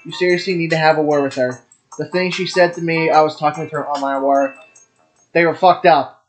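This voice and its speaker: A man's voice: on the high side, steady tone, brisk, soft background music, natural voice. A man reading as an earnest teen girl club president. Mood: serious.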